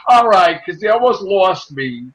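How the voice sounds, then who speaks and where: A man co-hosting a podcast in casual chat, animated and joking, slipping into quoted voices. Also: high-pitched, a little slow, low-quality recording. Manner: animated, mimics people in quotes, self-described corny joker. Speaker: podcast co-host.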